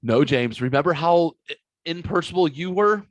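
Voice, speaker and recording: A man in his forties hosting a podcast, telling stories in a rambling, animated, casual way. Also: on the high side, moderate pace, no echo, muffled recording. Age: 40s. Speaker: podcast host. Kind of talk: casual podcast chat, storytelling.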